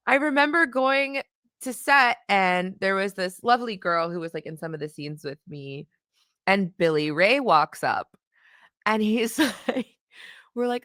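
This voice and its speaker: A woman's voice: medium pitch, animated, unhurried, a bit bright, no echo. Woman, from Canada, interview guest, laughs a lot, dry studio sound. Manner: laughs often while telling stories. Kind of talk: casual interview chat.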